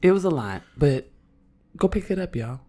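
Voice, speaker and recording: A woman in her thirties from Oakland with an Oakland accent, co-hosting a podcast in casual banter, her voice hoarse and raspy, playful and blunt. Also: sits low, lively intonation, normal speed, warm tone. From Oakland, California. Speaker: podcast co-host.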